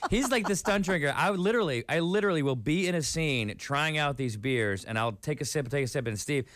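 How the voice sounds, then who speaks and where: A man on a radio show, telling stories with a lively, laughing delivery. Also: fairly high pitch, a little fast, no echo. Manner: animated, laughing storyteller. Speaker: comedy tour guest. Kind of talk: radio studio chat. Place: radio studio.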